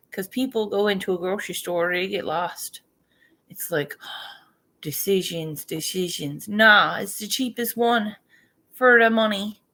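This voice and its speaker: Casual woman vlogger, slow laid-back delivery, salty and chatty. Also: medium pitch, pushed and bright. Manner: chatty, swearing, laughs often. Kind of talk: casual morning chat.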